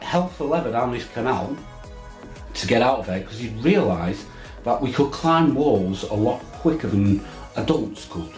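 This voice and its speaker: A man's voice: mid-range voice, darkish tone. A man tells a crude fishing-trip story casually, stumbling and restarting as he goes. The room is echoey, with faint music underneath. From England. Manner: swearing, laughing anecdote teller with many restarts. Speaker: fishing vlogger.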